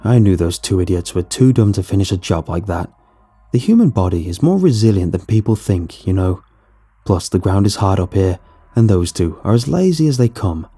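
A man's voice: sits low, normal speed, breathy edge, soft background music. A man voicing a sly, menacing small-town doctor. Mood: cold, mocking. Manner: calm, mocking, matter-of-fact.

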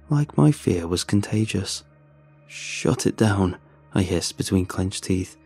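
Deep gravelly male horror narrator. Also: warm tone. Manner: measured, tense storytelling.

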